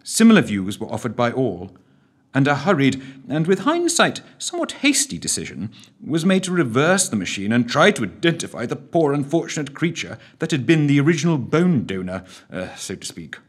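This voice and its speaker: A man narrating a story in an expressive, dramatic reading. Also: medium pitch, normal speed, husky.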